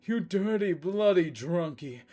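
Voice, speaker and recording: A man's voice: high voice, animated, a little slow, mellow, voice pushed up. A man voicing a pompous young male gang leader who sneers and speechifies theatrically. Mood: sneering.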